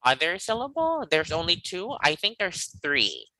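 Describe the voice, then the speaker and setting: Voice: mid-range voice, wildly swooping pitch, moderate pace, bright, forceful tone, no echo, rough recording. An English teacher leading a live online lesson, patient and guiding, checking in often with "okay" and "all right.".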